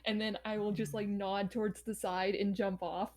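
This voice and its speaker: A woman playing a tabletop game, talking in a quick, chatty way. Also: medium pitch, flat delivery, a little mellow. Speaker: player. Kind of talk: casual tabletop play.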